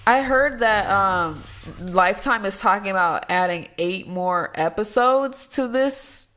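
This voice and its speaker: A woman from Ohio co-hosting a casual chat, telling animated stories and acting out quotes. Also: medium pitch, a little slow. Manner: animated storyteller, acts out quotes. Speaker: co-host.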